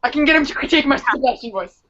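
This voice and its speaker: Giggly woman co-host, bright high voice, muffled lo-fi sound. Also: lively intonation, a little hiss or hum. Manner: giggly, quick interjections. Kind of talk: casual chat on a live stream. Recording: dull lo-fi stream audio.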